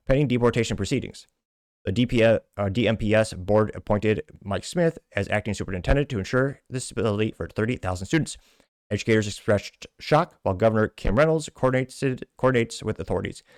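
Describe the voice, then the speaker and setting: A man hosting a talk show, reading social media comments aloud with wry asides and quick self-corrections. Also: fairly low pitch, dry recording, clean studio sound. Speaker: podcast host.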